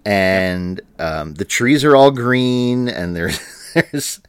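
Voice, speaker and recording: A man's voice: on the low side, animated, slow pace, smooth, dry recording. A man co-hosting a podcast in casual chat, rambling with frequent fillers and laughs. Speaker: podcast co-host.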